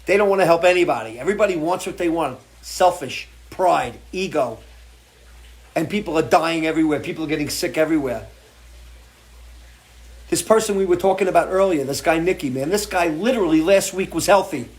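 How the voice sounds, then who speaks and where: A middle-aged man hosts a live show from his porch, with a voice that sits slightly high. He talks bluntly and swears a lot. His emotional rant keeps pushing forward. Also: expressive, fairly quick. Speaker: show host. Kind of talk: impassioned live-stream rant. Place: porch, outdoors.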